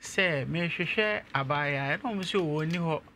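Brief: young adult male guest, bright and forceful delivery, storytelling in an interview, faint room noise. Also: on the high side, measured pace. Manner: animated when retelling events, laughs.

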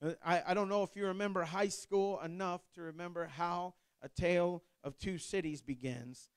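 A man in his thirties from Ohio delivers a sermon in a very high, crisp voice. He moves from loose, rambling storytelling full of restarts to fervent preaching. The sound is close and dry, with no room echo. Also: fairly even intonation, normal speed, hardly any pauses. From Ohio, USA. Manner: conversational storytelling with frequent restarts and fillers. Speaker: pastor.

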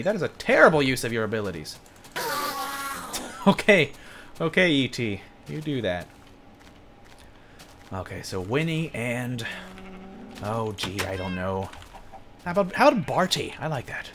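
A gaming commentator giving excitable let's play commentary, jumping from yelps to low mutters and laughing often. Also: moderate pace, pauses often, over music.

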